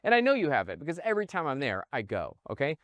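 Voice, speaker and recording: A man from the Midwest giving an energetic investment presentation, often checking in with listeners and calling them "guys". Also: on the high side, racing, dry recording. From Midwest United States. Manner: animated, punctuates with "okay?", addresses viewers as "guys". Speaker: real estate investor pitching a fund.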